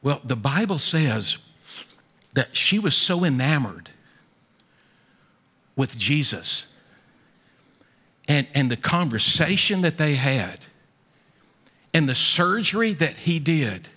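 A man preaching a sermon in a large church, folksy and animated, often repeating his words. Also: on the high side, takes it slowly, long pauses, breathy edge. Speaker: pastor. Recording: echoey church hall.

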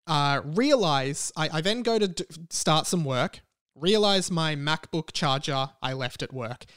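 Young Aussie male host, brisk rambling storyteller, slightly high, smooth clear voice, dry close room. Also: dry recording. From Australia. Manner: animated, breathless venting. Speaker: podcast host.

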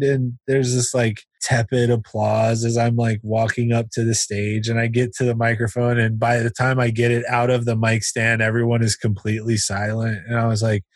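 Male stand-up, Cincinnati-raised, mid-pitched, animated raconteur, dry studio mic. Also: normal speed, few pauses, dry recording. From Cincinnati, USA. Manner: animated storyteller acting out quotes. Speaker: comedian guest. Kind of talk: casual storytelling chat.

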